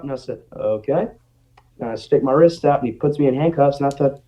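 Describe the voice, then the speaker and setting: Speaking briskly in a mid-range voice, this young man, a guest, recounts something that happened to him and animatedly performs the quotes. The lo-fi recording sounds dull.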